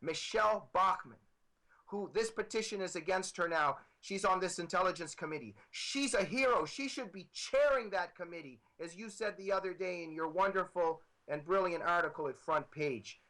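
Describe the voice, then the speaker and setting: A man speaks as a guest on a political talk show, his voice high-pitched and bright. He argues with emphatic repetition and builds his points to a rising emphasis. He is heard over a computer microphone. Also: normal speed, low-quality recording. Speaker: guest author. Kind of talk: impassioned political commentary.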